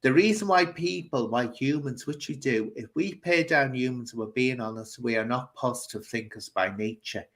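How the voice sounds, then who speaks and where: A man hosting a casual live chat in a mid-pitched voice. He rambles between topics and delivers opinions with blunt frankness. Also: moderate pace, hardly any pauses, fairly bright tone. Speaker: host.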